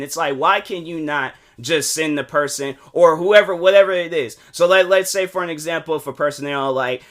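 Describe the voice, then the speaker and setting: A man's voice: on the high side, fairly quick, hardly any pauses, a bit bright. A man hosting his own podcast, rambling with restarts and acted-out quotes. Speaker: podcast host. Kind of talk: casual solo monologue.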